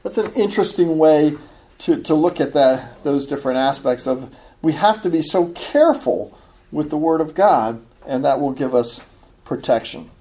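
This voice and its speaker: A woman's voice: sits low, lively intonation, normal speed, mellow. A woman teaching a Bible study in an earnest, explanatory way, reading from commentators.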